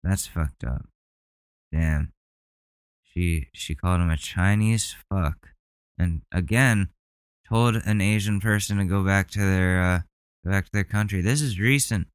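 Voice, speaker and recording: A man with a lowish, smooth voice hosts a podcast and reacts bluntly to video clips. He sounds indignant and swears freely. The sound is close and dry. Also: measured pace, no echo. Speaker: podcast host.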